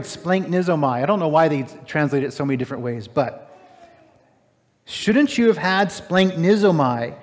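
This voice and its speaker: Man preaching in a reverberant hall. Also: fairly high pitch. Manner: animated, emphatic, incredulous asides. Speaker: pastor. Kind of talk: sermon.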